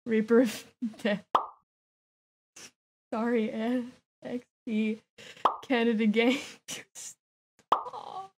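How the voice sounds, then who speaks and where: A woman's voice: a little high, level tone, takes it slowly, long pauses, a little mellow, slight background noise. A woman streaming a game live, flustered and laughing as she thanks viewers and protests their donations. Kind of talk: live gaming stream chat.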